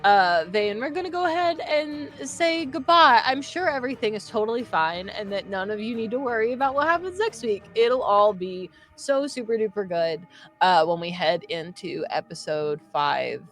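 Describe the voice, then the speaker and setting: A woman's voice: mid-range voice, animated, normal speed, a bit bright, soft background music. A woman game master wrapping up a live-streamed tabletop game in a playful, jokey way.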